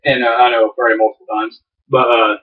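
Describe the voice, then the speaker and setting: A man's voice: medium pitch, level tone, fast talker. A man co-hosting a podcast, telling stories in casual chat with lots of fillers and restarts. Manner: rambling storyteller, many fillers and restarts. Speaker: podcast co-host. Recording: distant, dull lo-fi mic.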